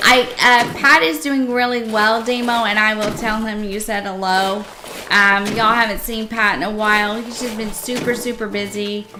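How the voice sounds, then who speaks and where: A woman streaming herself playing a cozy game, chatting casually with viewers and gushing with excitement over what she builds. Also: medium pitch, normal speed, background noise. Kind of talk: casual live-stream chat while playing.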